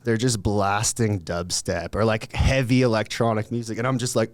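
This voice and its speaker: A man's voice: fairly low pitch, fairly even intonation, moderate pace, few pauses, dry recording. A young man telling a story in a laid-back, rambling way, with lots of filler words and swearing. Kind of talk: casual storytelling.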